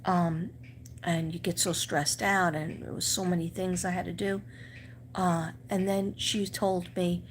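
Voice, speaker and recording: Lower-voiced woman with a Staten Island accent. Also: flat delivery, unhurried, a little hiss or hum. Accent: New York, Staten Island. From Staten Island, New York. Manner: chatty storytelling, full of fillers and asides. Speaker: teacher and live-stream host. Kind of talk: casual live-stream chat.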